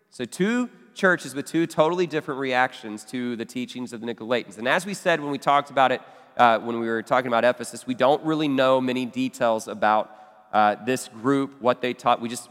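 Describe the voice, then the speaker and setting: A male pastor gives a teaching sermon in a conversational way, tossing in asides and quick questions to his listeners. His voice sits at a medium pitch. A long reverb trails behind his words, as in a church hall. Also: a bit bright. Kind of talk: expository sermon.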